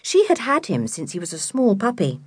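A woman narrating a children's book in an expressive, measured storytelling voice, close to a studio mic. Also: mid-range voice, slightly rough, no room sound. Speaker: audiobook narrator.

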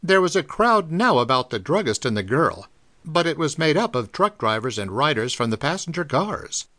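Guy reading an old pulp story, super animated, voice goes up and down a lot. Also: a little high, moderate pace. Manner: dramatic, expressive reading. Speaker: audiobook narrator. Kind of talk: scripted narration of pulp fiction.

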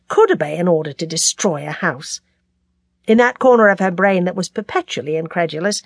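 Brief: woman audiobook narrator, expressive and animated, dry studio read. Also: mid-range voice, husky, no echo. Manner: expressive, dramatic storytelling. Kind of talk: scripted novel narration.

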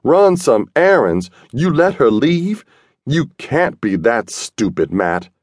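A male audiobook narrator voicing a frantic, paranoid young woman who yells and accuses. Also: expressive, slow pace, dry recording, clean studio sound. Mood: accusing. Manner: loud, accusing, high-strung.

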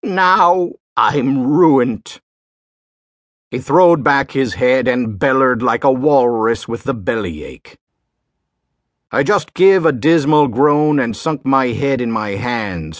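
Slow folksy male audiobook narrator. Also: mid-range voice, animated, dry recording, clean studio sound. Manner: folksy first-person drawl with rough sailor dialect.

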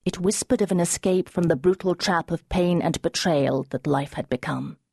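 A woman audiobook narrator reading a novel in measured, expressive scripted narration. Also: fairly low pitch, creaky, husky, no room sound, studio quality.

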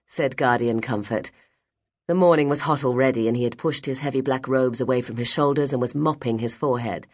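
Husky woman narrating a children's book. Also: extremely low pitch. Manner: expressive, measured storytelling. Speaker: audiobook narrator.

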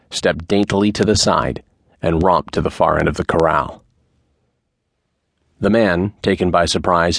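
Male audiobook narrator: very low, slow and measured, dry close sound. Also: creaky, no echo. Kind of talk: scripted narration.

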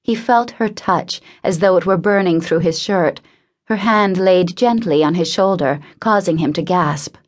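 A woman narrates a novel in a measured, intimate tone. Her voice sits slightly low. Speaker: audiobook narrator. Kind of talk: scripted narration.

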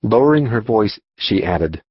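Expressive man narrating an audiobook. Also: lowish voice, a little slow, husky, no echo, lo-fi sound. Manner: expressive storytelling, voicing dialogue.

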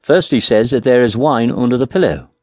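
A man voicing a cunning little farmer in an audiobook fairy tale, speaking in a calm, sly tone. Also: mid-range voice, a little fast, no echo, voice pushed up, natural voice. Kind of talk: audiobook character voice.

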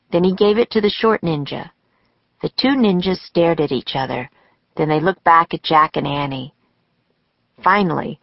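An older woman narrating a children's audiobook in a calm, steady storytelling manner. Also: sits low, gravelly, no echo, dull audio. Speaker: author narrating her book.

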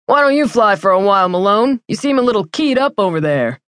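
A woman's voice: mid-range voice, very animated, brisk, no echo, natural voice. A cocky veteran male pilot, put on by a woman narrator, holds forth with a scoffing, teasing edge. The voice is dry and close, with no room around it, as in a read audiobook.

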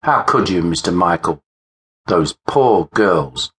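A man playing a shrill accusing Victorian landlady. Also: lively intonation, slow pace, a bit bright, exaggerated voice. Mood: bitter.

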